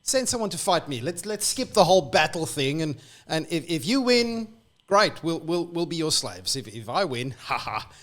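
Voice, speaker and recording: Brief: man doing a taunting giant warrior, pitched up, sneering. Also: sing-song, normal speed, hardly any pauses, fairly bright tone. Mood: boastful. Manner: sneering, mocking.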